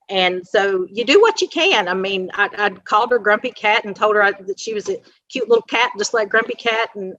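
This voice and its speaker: A woman on the staff of a school, telling a story in a casual, lively way and acting out the people she quotes. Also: medium pitch, muffled recording. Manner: animated anecdote with quoted dialogue.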